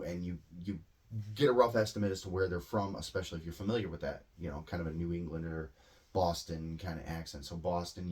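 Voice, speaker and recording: A man with a Midwestern American accent teaching English in a relaxed, conversational way, often checking in with tag questions. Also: low-pitched, slightly rough. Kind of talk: casual explanatory lesson.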